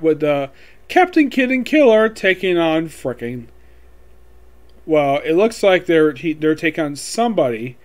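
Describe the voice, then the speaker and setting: Casting note: man reviewing a manga chapter, slightly high voice, rambling casual recap. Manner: rambling, reads dialogue aloud in quick voices.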